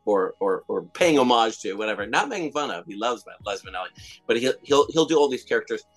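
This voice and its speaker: A man's voice: medium pitch, lively intonation, fairly quick. Middle-aged male interviewee, chatty and meandering, lots of fillers, faint music behind. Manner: rambling, hesitant, many fillers and restarts. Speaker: interviewee, comedian and songwriter. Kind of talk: casual interview storytelling.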